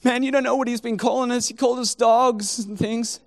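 Man playing dismissive soldier brothers, sarcastic, high voice, brushing off a kid. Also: fairly even intonation, a little fast, creaky, no room sound, studio quality.

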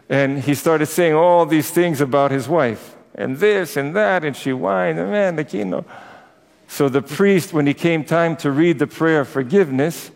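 A priest giving a conversational sermon to his congregation, with personal asides. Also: on the high side. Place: church. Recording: echoey church with long reverb.

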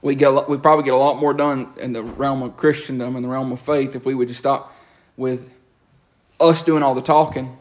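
A man, preaching a lively sermon in a church and breaking into quick asides and repeated words. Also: medium pitch. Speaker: pastor. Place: church sanctuary.

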